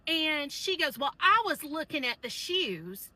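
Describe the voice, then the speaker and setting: A woman's voice: high voice, very animated, unhurried, sharp tone, no room sound. A woman telling an upsetting personal story to camera in a casual rant, stressing each "I said". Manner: upset, emphatic, repeats "I said".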